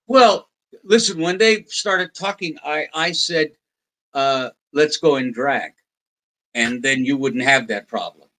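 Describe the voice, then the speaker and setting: A man's voice: fairly high pitch, takes it slowly, bright, forceful tone, poor audio. An older American man, a podcast guest, telling rambling stories with many restarts and quoted voices. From United States. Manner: rambling anecdotes with restarts, quoting others in put-on voices. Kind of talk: casual interview storytelling.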